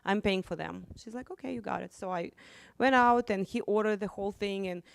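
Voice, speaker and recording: A woman speaking non-native English, telling a lively church testimony to a women's group with frequent laughter. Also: medium pitch, brisk, gravelly, no echo. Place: church meeting room.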